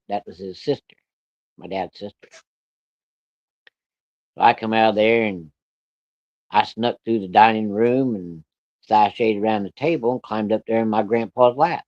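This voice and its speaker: A man's voice: fairly low pitch, normal speed, pauses often, dry recording, lo-fi sound. A man telling a story from his childhood in a casual, folksy way, with colloquial country grammar and plenty of cursing.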